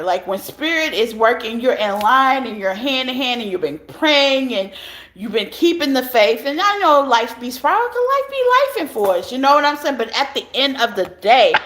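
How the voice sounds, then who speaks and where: A woman's voice: fairly high pitch, fairly bright tone. A woman reading tarot live for her viewers, chatty and talking straight to them. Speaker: tarot reader. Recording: echoey room.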